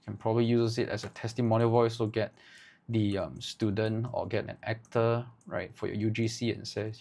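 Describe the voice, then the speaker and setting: A man teaching ad writing live, thinking aloud in halting bursts and tagging his points with "right?". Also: fairly low pitch, flat delivery, vocal fry, darkish tone. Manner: halting, with many restarts. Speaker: agency owner teaching ad writing.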